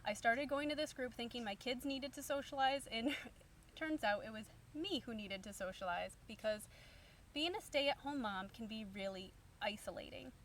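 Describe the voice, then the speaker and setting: A woman's voice: fairly high pitch, normal speed, fairly bright tone. A woman in her thirties, a stay-at-home mom, telling a story to camera in a chatty, upbeat way full of fillers. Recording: distant mic, faint background hum.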